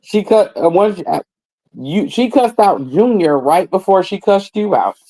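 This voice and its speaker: A man's voice: sits high, expressive, normal speed, mellow, low-quality recording. A man in casual chat who often restarts his sentences and explains what he heard. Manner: stammering restarts, laughs along. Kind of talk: casual chat about online drama.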